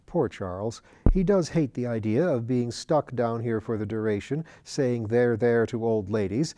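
A man reading a novel written as letters aloud, in a measured, unhurried way. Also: medium pitch, warm tone. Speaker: audiobook reader.

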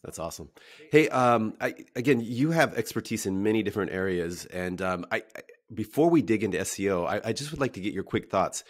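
A man hosts a casual podcast interview in a low, deep voice. He is upbeat and friendly and leans on easy fillers as he steers the conversation. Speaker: podcast host.

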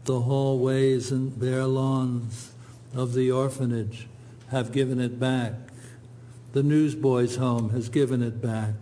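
A man giving a poetry reading, reciting in a slow, measured, even way. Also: mid-range voice, a little hiss or hum. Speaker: poet.

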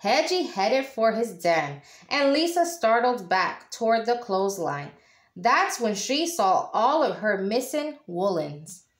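A woman, a teacher, reading a children's picture book aloud in an expressive way. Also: on the high side. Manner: slow, expressive storytelling. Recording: echoey room.

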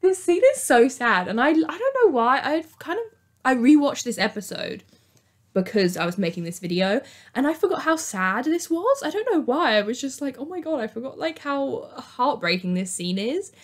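A young woman hosting a casual, chatty TV recap, acting out quotes in an animated way. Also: a little high, creaky. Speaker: YouTube host.

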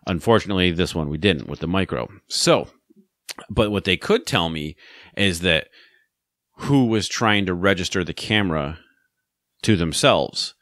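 Man, low and lively voice, rambling podcast host, dry close sound. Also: dry recording. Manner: rambling, many fillers and restarts. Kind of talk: casual storytelling chat.

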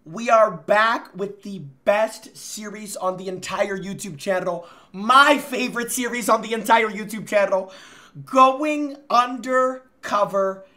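An excitable young man talking through his gaming session in casual commentary. He gets hyped fast and breaks into sudden loud shouts. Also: high-pitched. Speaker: gaming streamer, host.

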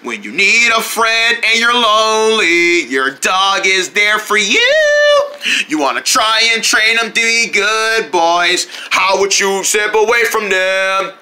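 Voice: medium pitch, slow pace, sharp tone. A children's show host narrating in a cheerful sing-song, talking straight to young viewers.

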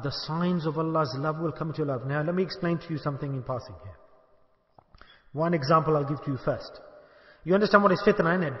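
A man giving a sermon, asking his listeners questions and acting out little dialogues. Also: on the high side. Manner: rhetorical, asks the audience questions and acts out dialogue. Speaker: sheikh giving a religious talk. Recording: echoey hall, dull lo-fi sound.

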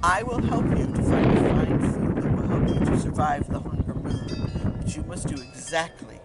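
A woman's voice: deep voice, lively intonation, normal speed, distant mic. A woman voicing a solemn tree spirit. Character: wise maple tree spirit. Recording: loud background noise, vehicle.

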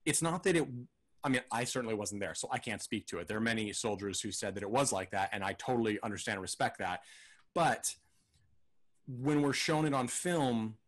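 A man's voice: fairly low pitch, a little fast. A man co-hosting a film podcast, talking through his thoughts in a rambling, hesitant way with lots of fillers and restarts. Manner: rambling, hesitant, thinks aloud with many fillers. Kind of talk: casual film discussion.

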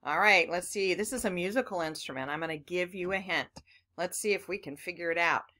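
A woman's voice: on the low side, big pitch swings, normal speed, pushed and bright. A woman teaching children phonics, patiently sounding out words letter by letter and talking to the class as boys and girls.

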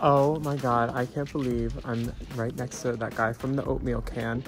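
A man's voice: medium pitch, level tone, moderate pace, over music. A man in drag giving a campy, sassy backstage tour of theatre dressing rooms, quipping and laughing with castmates. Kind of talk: casual backstage vlog.

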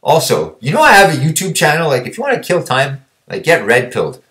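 A man's voice: on the high side, huge pitch swings, brisk, a bit bright. A young man vlogging, ranting bluntly and combatively, swearing constantly. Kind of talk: profane ranting monologue.

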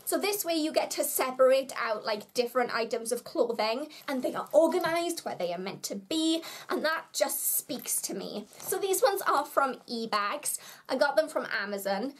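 Young woman from the UK, high voice, bubbly, chatty, self-mocking, casual vlog. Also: animated, moderate pace. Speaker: vlogger.

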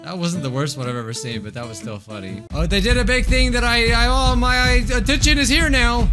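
A man hosting a reaction video, talking in a jokey, animated way. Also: high voice, fairly quick. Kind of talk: casual reaction commentary. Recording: music playing behind voice.

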